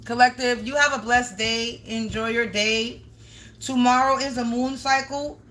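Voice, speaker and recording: A bright-toned woman runs a confrontational livestream as a tarot reader. She scolds her viewers bluntly, curses freely and gets louder when she makes her point. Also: fairly high pitch, steady tone, a little slow. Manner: blunt, scolding, swears often, raises voice at times.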